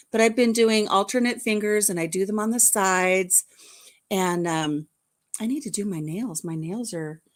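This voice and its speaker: Chatty, rambling woman vlog host. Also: on the low side. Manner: chatty and rambling, greeting viewers by name. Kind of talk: casual livestream chat.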